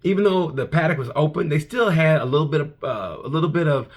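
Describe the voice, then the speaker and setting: A man, a comedian, reviewing a motorcycle race in a casual, animated monologue full of restarts and profanity. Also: fairly high pitch, fast talker.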